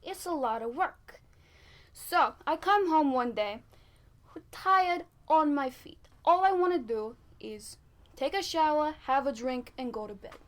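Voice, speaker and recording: A brash, bossy middle-aged housewife with a thick Brooklyn accent, as an actress plays her in a mockumentary interview. Her voice sits high, and her delivery is blunt, sassy and deadpan. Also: a little slow. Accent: New York (Brooklyn). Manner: sassy, blunt, snaps at people off camera.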